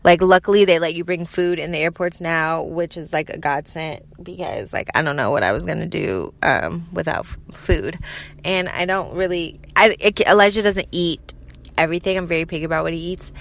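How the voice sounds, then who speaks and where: A young woman hosting her own podcast, chatting casually with lots of fillers and lively quoted voices. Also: fairly low pitch, normal speed. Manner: chatty, lots of fillers, animated when quoting people. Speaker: podcast host. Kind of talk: casual solo podcast chat.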